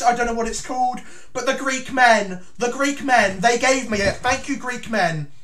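A man giving theatrical, excited commentary on his own chess game as he plays, breaking into shouts. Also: very high voice, normal speed, few pauses. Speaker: chess YouTuber.

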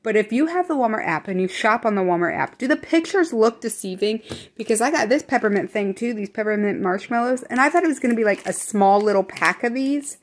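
A woman's voice: fairly high pitch, animated, brisk. Chatty rambling young woman. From American Midwest. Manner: chatty, rambling, self-correcting; whispering. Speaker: vlogger. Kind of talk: casual grocery haul chat. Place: home.

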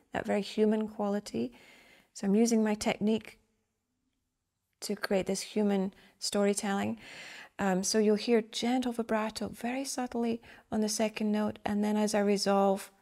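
A woman teaching flute, talking calmly and thoughtfully. Her voice sits at a middle pitch. She explains with gentle, reflective phrasing and vivid images. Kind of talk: instructional explanation.

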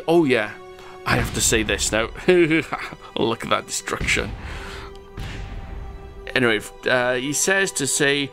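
A man's voice: fairly high pitch, lively intonation, takes it slowly, long pauses, pushed and bright, faint music behind. Chatty gamer narrating his play. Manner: chatty and rambling, chuckles at his own jokes. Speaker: gaming channel host. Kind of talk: casual gameplay commentary reading viewer comments.

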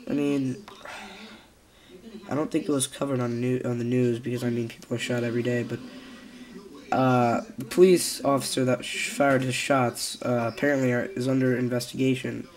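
A young man talks to his viewers in a casual vlog, his voice nasal from being a little sick. He speaks in a flat, even tone with little rise and fall. He hesitates often, with fillers and restarts. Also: medium pitch, moderate pace. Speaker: vlogger. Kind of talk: casual spoken commentary.

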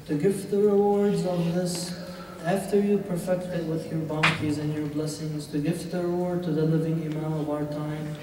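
Impassioned preacher in an echoey hall. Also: male voice, a little high, recorded from a distance, background noise. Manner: dramatic storytelling, rising to impassioned, then slow lament. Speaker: shaikh giving a Ramadan lecture. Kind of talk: sermon. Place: mosque or community center hall.

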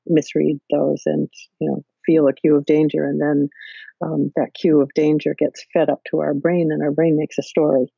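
Gravelly, mellow-voiced woman explaining. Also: low voice, dry recording, lo-fi sound. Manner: thoughtful, explains in careful steps with many fillers. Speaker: podcast guest, therapist. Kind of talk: explanatory interview talk. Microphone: video call.

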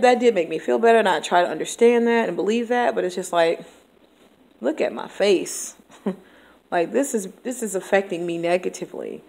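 A woman's voice: mid-range voice, gravelly, a little mellow. A woman teacher venting in a candid vlog, exasperated and blunt, laughing often and cursing.

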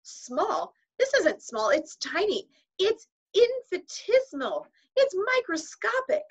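A woman reading aloud voices an astonished adult art teacher whose exclamations climb higher and grow more incredulous. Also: big pitch swings, slow, heavily acted.

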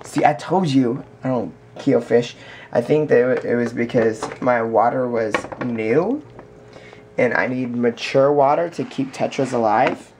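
A man vlogging casually, with a rambling, excitable and jokey way of talking, filmed on a handheld camera in a car and then at home. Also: mid-range voice, unhurried, a little hiss or hum. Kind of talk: casual vlog chat. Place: in a car, then indoors at home by a fish tank.

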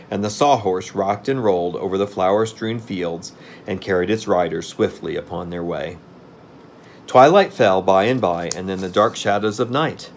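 Low-voiced man reading a storybook aloud. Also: slight background noise. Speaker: storybook reader. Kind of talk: reading a children's book aloud.

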